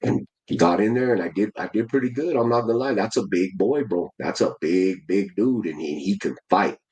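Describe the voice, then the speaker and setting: Husky-voiced man in his forties. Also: lowish voice, lively intonation, brisk, a little mellow, poor audio. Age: 40s. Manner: slangy, keeps saying "bro", many restarts. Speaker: amateur heavyweight boxer, guest. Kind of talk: casual interview storytelling.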